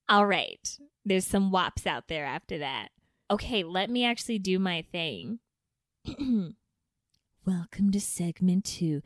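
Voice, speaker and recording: Low-voiced young woman, bickering banter. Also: lively intonation, slow pace, fairly bright tone, no echo, studio quality. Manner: bickering, teasing, laughing banter. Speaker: podcast co-host. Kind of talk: casual chat between sisters.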